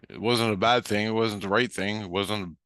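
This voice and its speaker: A man's voice: on the low side, moderate pace, dry recording, studio quality. A man rambling in a profane, ranting monologue. He acts out both sides of a conversation as he tells it. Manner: profane, ranting, animated retelling. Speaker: vlogger.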